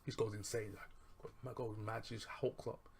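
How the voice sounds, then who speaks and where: A man's voice: lowish voice, flat delivery, moderate pace, a little mellow, a little hiss or hum. A man casually retelling a film's plot as a reviewer, rambling, chuckling and correcting himself as he goes. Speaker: movie reviewer.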